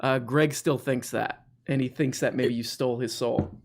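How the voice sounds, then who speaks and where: A man's voice: medium pitch, fairly even intonation, moderate pace. A man hosting a live call-in stream, rambling and joking with callers, full of "like" and restarts. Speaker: host of a live call-in show. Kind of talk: casual live-stream chat.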